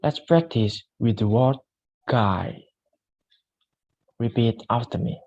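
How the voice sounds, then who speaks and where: A young man, a student, leading a pronunciation drill with slow, deliberate repeat-after-me delivery. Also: medium pitch, lively intonation, gravelly, darkish tone, lo-fi sound. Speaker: student giving a pronunciation lesson.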